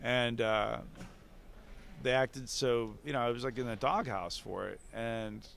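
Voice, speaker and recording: Gravelly-voiced man telling a wrestling story. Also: mid-range voice, measured pace. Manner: animated, profane, laughs often, acts out others' lines. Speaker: wrestling veteran guest. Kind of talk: casual storytelling.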